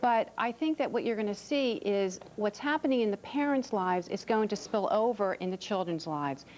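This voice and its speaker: A woman's voice: mid-range voice, lively intonation, moderate pace, darkish tone, slight background noise, poor audio. A woman author answering interview questions on a TV show in an earnest, reassuring way, often repeating words as she thinks. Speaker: author and parenting expert guest.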